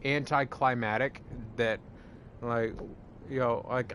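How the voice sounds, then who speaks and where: A man chatting casually, rambling and swearing, full of fillers and getting excited as he talks. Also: mid-range voice, unhurried, a little hiss or hum. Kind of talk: casual chat.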